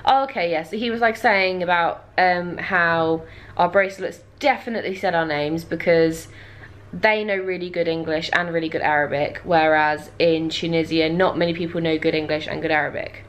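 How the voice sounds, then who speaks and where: A woman's voice: lowish voice, fairly even intonation, moderate pace. A young woman vlogger telling a travel story to camera in a chatty, casual way, laughing often and dropping dry asides.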